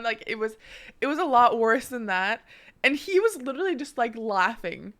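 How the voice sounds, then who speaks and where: A young woman from Norway telling a story on a live stream, swearing often in a quick, animated way. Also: fairly high pitch.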